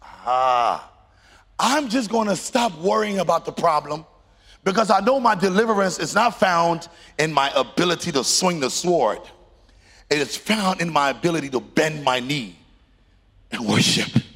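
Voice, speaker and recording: A middle-aged pastor preaching a sermon, rising into emphatic bursts and sung phrases. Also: male voice, on the high side, expressive, normal speed, fairly bright tone. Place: church sanctuary. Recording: long reverb of a large hall.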